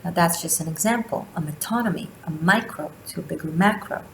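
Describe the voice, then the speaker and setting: A woman tarot reader giving a spiritual monthly reading, speaking slowly and deliberately with long pauses. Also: lowish voice, creaky, roomy sound, slight background noise, poor audio. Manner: slow, deliberate delivery with drawn-out pauses.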